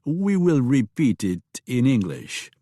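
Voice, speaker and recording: A man's voice: medium pitch, big pitch swings, slow pace, dark tone, no room sound, voice pushed up. A man voicing a polished, gallant saloon owner with a French accent, in a flowery, courtly manner, for an audiobook. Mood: gracious.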